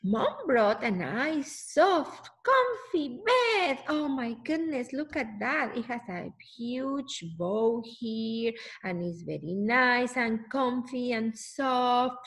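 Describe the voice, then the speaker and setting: A woman's voice: on the high side, animated, takes it slowly, hardly any pauses, a bit bright. A woman reading a picture book aloud to children, exclaiming often and stopping to ask the listener questions.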